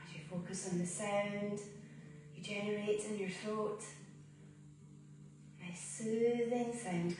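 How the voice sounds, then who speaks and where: A woman guiding a yoga and breathing practice, speaking slowly and soothingly with long pauses between cues. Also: mid-range voice. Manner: slow, calm, soothing guidance with long pauses. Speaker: yoga teacher. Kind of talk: guided yoga and breathing instruction. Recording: roomy echo, voice from a distance.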